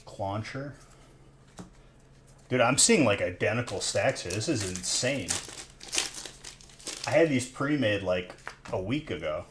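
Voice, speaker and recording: A man's voice: lowish voice, expressive, a little slow, pauses often, a little hiss or hum. Joking man hosting a livestream. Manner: joking banter with chat, says "dude" a lot; tallies scores and counts cards aloud. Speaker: livestream host opening trading card packs. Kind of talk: casual livestream commentary.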